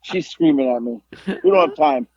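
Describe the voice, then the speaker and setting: A man co-hosting a podcast, telling a wrestling story in casual chat, animated and profane, rambling with lots of fillers. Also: a little high, moderate pace, highs cut off. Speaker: podcast co-host, former wrestler.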